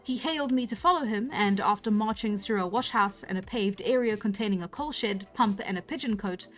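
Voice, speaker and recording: A woman's voice: medium pitch, a little fast, fairly bright tone, faint music behind. A young woman reading a novel aloud on a livestream, stopping now and then to comment on the text and laugh at herself. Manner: reads plainly, breaks off to comment and laugh at herself. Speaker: book reader on a livestream. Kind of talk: casual storytime read-aloud.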